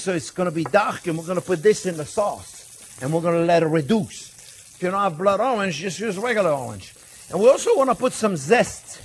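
High-voiced chatty chef with faint sizzling. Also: male voice, a little hiss or hum. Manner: chatty and jokey, keeps calling the viewers "friends". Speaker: cooking show host, chef. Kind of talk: cooking demonstration. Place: kitchen. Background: faint sizzling pan.

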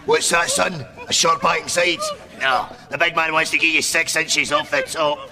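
Actor as a brash Scottish hard man, boastful, aggressive, ad-spoof patter, loud crowd. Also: steady tone, normal speed, close to an everyday voice. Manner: bragging, aggressive, pitchman patter.

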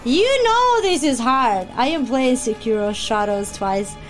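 A woman streaming a game playthrough, yelling and squealing in excited reactions as she plays. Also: high voice, a little slow. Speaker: gameplay streamer. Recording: loud game music behind.

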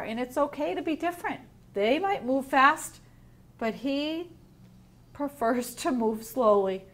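A woman teacher reading a picture book aloud to young children, explaining words gently and asking them questions. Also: fairly high pitch.

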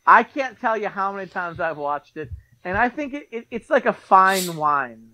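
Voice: mid-range voice, lively intonation, moderate pace, bright, forceful tone, low-quality recording. A podcast co-host in casual chat who reacts to the story, praises it and cracks jokes. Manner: reacts with short interjections, jokey and full of praise.

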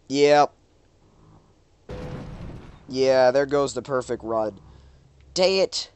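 A man's voice: medium pitch, expressive, very slow, pauses often. A man with a stuffed-up nose giving casual, rambling commentary while playing a driving game, often exclaiming at the road. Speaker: gaming YouTuber.

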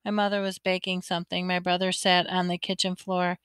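A woman reading a children's storybook aloud in first person, expressive and lively. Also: lowish voice, fairly quick, clean tone, dry recording. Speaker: audiobook reader.

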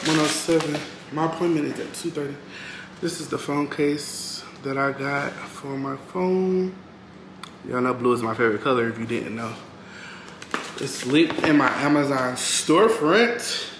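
A man's voice: medium pitch, unhurried, background noise. Chatty man vlogging at home. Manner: chatty, addresses viewers as y'all, frequent asides. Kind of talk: casual vlog chat. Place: at home, kitchen.

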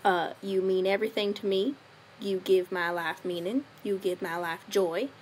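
A woman's voice: mid-range voice, steady tone, moderate pace, a little hiss or hum, lightly acted. A woman voicing a doting, stereotypical Southern father with a put-on Southern accent, giving earnest, tender affirmations. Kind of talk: comedic affirmation monologue.

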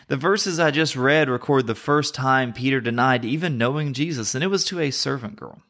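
A North Carolina man with a Southern American accent hosts a podcast, delivering an earnest, reflective Bible teaching. His voice is medium in pitch, gravelly, and a little bright.

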